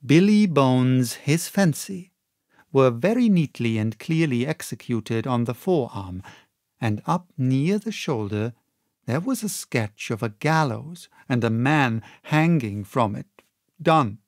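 A man reading a classic novel aloud as an audiobook narrator, with measured and expressive storytelling. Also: mid-range voice, no echo, studio quality.

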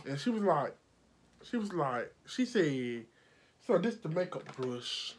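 A woman makeup artist tells a storytime vlog indoors under bright lights, sweating from the heat as she bluntly swears and acts out every quote. Her voice sits low and sing-song, she takes it slowly, and there's slight background noise.

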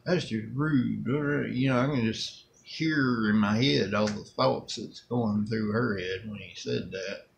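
A man's voice: on the low side, unhurried, vocal fry, a little hiss or hum. A middle-aged man with a Southern American accent telling a rambling personal story in a casual, folksy way. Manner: rambling, folksy, acts out quotes. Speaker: storyteller vlogger.

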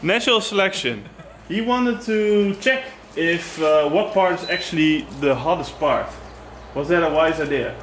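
A man's voice: on the high side, unhurried, a bit bright, slight background noise. A man making dry, skeptical remarks in a casual vlog. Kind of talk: casual chat. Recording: roomy echo.

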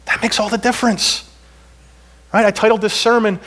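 A man's voice: high-pitched, very animated, fairly quick, pauses often, fairly bright tone. A middle-aged man preaches a sermon in a church, telling stories from his own life. His delivery is conversational and self-deprecating, and it rises into emphatic, repeated points. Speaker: pastor. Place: church sanctuary.

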